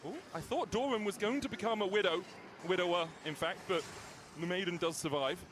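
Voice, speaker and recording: A man calling an esports match play-by-play in a high voice. He rises to excited shouts when the fights break out. The broadcast feed has a clear hiss of noise. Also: fairly quick. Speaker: play-by-play caster.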